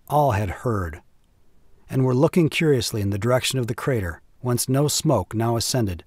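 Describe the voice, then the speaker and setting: A man reading a classic war story aloud at a measured, even pace. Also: medium pitch, dry recording, studio quality. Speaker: audiobook narrator.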